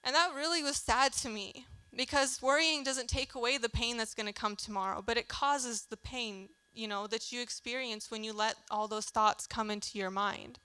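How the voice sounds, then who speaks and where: A woman's voice: fairly high pitch, fairly even intonation, normal speed, hardly any pauses, sharp tone, smooth, no room sound. A young woman giving a candid, chatty youth sermon in a church, laughing often as she talks. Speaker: youth speaker.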